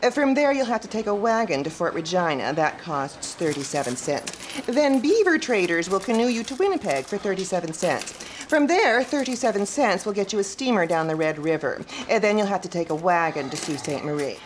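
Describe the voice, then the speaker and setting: Woman doing a cheery ticket clerk, bouncy lively voice, salesy, faint hiss behind. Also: mid-range voice, natural voice. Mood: reciting. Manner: brisk, chirpy salesy. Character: cheery female ticket agent upselling.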